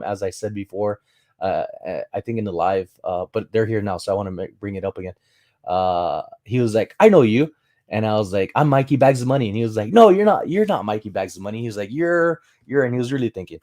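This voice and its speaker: A man with a fairly low voice hosts a relaxed livestream. He wanders through stories, playing out both sides of remembered conversations, then breaks off to scroll through and answer viewer chat. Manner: rambling anecdotes, acts out quoted exchanges. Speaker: livestream host.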